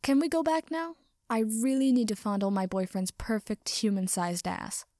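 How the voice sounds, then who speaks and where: A woman's voice: a little high, steady tone, moderate pace, dark tone, no room sound, studio quality, close to an everyday voice. A woman reading a story aloud and voicing a laid-back, blunt young man with a light, offhand delivery.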